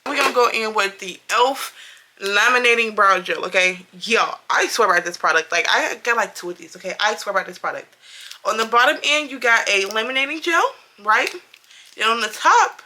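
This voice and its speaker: A woman's voice: on the high side, normal speed, sharp tone. A woman doing a casual makeup review and storytime, chatty and emphatic, repeating herself and talking straight to her viewers. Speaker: beauty vlogger.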